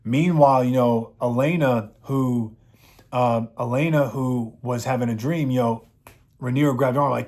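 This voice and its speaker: A man's voice: medium pitch, fairly even intonation, moderate pace, darkish tone. A man giving a casual, rambling episode recap, with frequent fillers. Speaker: show reviewer.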